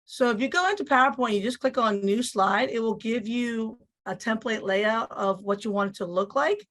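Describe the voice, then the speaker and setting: An upbeat woman with a Spanish accent walks through a software demo for teachers. Her voice sits fairly high, and she switches into a lighter tone when she imitates on-screen prompts. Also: moderate pace. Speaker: teacher giving a training session. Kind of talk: instructional webinar demo.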